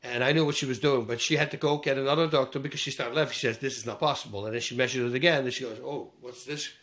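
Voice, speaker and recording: Lively, emphatic man with roots. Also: medium pitch, rapid-fire. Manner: lively, emphatic, acts out quotes with sound effects. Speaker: guest. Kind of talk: animated storytelling interview.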